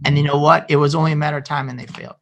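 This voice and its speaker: A man's voice: on the high side, level tone, very fast, highs cut off. A man from the Chicago suburbs, co-hosting a podcast and telling a story in a rambling way, often restarting his sentences. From Chicago suburbs, USA. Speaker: podcast co-host. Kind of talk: casual podcast conversation.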